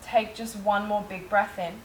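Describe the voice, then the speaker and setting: A woman teaching a yoga class, calmly cueing breath and movement step by step. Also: medium pitch, unhurried, distant mic, a little hiss or hum. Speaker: yoga instructor. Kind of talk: guided yoga class instruction. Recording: echoey room, faint ambience.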